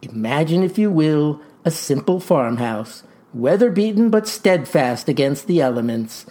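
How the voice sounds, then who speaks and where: An actor playing a folksy farmer pitching a tonic in a comic ad, with verbose, showman's patter. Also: animated, a little slow, mellow. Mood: boastful pitch. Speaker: pitchman in a mock radio ad. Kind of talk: comic radio ad acting.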